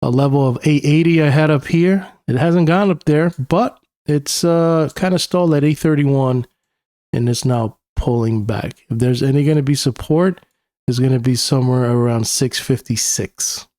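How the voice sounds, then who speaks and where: In a casual screen-share chart analysis, a young New York City man with a New York accent thinks aloud about market charts, using lots of uhs and you-knows. His mid-range voice is mellow and moderately paced, captured in clean studio sound with no echo.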